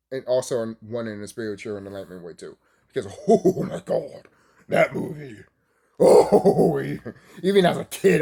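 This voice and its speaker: Male cartoon reviewer, very lively pitch, profane and giggly, rambling casual rant. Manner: animated, profane, laughs often; rambling, restarts mid-thought.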